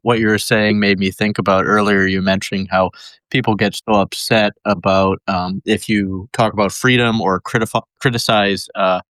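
Hesitant male caller, low voice. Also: level tone, moderate pace, fairly bright tone, dry recording. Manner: hesitant, many ums and uhs. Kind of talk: call-in conversation.

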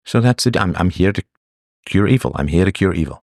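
A man's voice: low voice, animated, brisk, dry recording, studio quality. A man hosting a livestream, delivering an opinionated monologue to his chat in a sarcastic, mocking way. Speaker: livestream host.

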